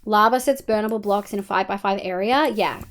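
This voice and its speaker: A woman's voice: medium pitch, brisk. An Australian woman streaming a game live, talking casually and swearing often as she chats with viewers over a headset.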